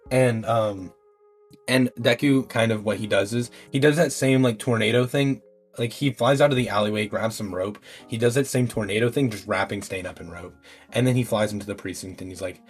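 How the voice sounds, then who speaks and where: A man's voice: lowish voice, a little fast, breathy edge, soft background music. A man telling a story in a casual, improvised way, rambling with fillers and restarts. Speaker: YouTube storyteller.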